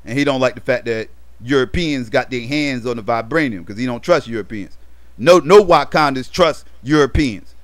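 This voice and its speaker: Smooth-voiced man rambling through a movie recap. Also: medium pitch, moderate pace, fairly bright tone, dry recording. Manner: loose, rambling retelling full of fillers and slang. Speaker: movie reviewer. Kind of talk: casual movie plot recap.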